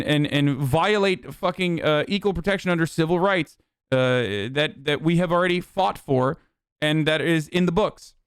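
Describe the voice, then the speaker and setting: A man's voice: sits high, clean tone, no room sound, studio quality. A man hosting a stream, giving heated, profane casual political commentary. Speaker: streamer host.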